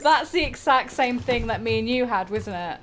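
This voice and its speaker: A woman's voice: fairly high pitch, animated, normal speed, background noise. A woman chatting casually and teasing while streaming a game, giggly and self-mocking. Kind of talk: casual chat while gaming. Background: loud game music.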